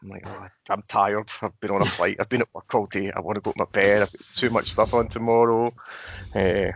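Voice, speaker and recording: A man's voice: lowish voice, flat delivery, a little fast, creaky, dull audio, slight background noise. A man co-hosting a casual chat, telling stories and acting out what people said. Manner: storytelling, acts out quotes. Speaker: co-host.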